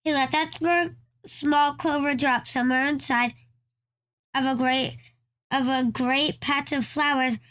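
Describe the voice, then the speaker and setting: A woman's voice: high voice, steady tone, unhurried, fairly bright tone. A woman reading a children's storybook aloud, often stumbling and restarting lines. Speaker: storybook reader.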